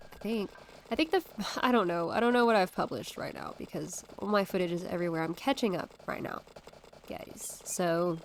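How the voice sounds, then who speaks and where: A woman's voice: lowish voice, a little hiss or hum. A woman hosting a casual let's-play, rambling and correcting herself as she talks. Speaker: gaming channel host. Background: game music.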